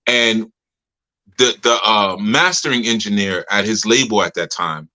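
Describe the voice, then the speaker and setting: A man's voice: lowish voice, a little slow, pushed and bright, low-quality recording. A man giving a casual, story-filled talk to his community, who laughs often and speaks in a loose colloquial way. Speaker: community leader speaking to members.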